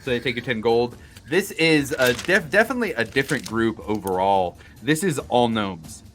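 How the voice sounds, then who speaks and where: A man's voice: mid-range voice, lively intonation, normal speed, fairly bright tone, soft background music. A man narrating as game master of a tabletop game, hesitant and full of fillers.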